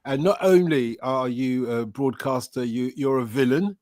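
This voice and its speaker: A man's voice: medium pitch, a little slow, darkish tone, dry recording, studio quality. A man hosting a podcast in a casual, chatty way, laughing often and wandering off on tangents. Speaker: podcast host. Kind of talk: casual chat.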